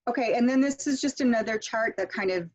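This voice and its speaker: A woman's voice: fairly high pitch, fast talker. A middle-aged woman teaching a pronunciation workshop online, chatty and explaining with fillers and restarts. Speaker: pronunciation instructor. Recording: muffled lo-fi video call audio.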